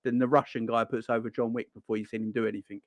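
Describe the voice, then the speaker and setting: A man chatting casually as a fan channel co-host, lively and full of tag questions. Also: medium pitch, quick pace, no room sound. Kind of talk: casual chat.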